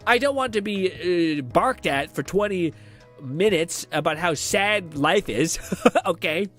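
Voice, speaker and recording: A young man streaming, chatting casually with viewers in a rambling, profane way, laughing often and filling pauses with fillers. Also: high-pitched, animated, fairly bright tone, faint music behind.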